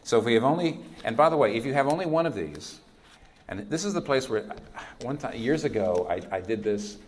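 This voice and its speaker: A man preaching a sermon as pastor, earnest and emphatic, often dropping to a quiet, firm voice for his key points. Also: mid-range voice, lively intonation, a little fast, slight background noise.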